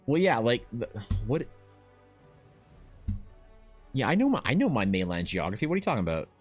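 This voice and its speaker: A man's voice: mid-range voice, very animated, normal speed, slightly rough, soft background music. Profane joking Canadian man streaming. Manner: profane, joking, reading chat aloud. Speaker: streamer and artist. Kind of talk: casual live-stream chat.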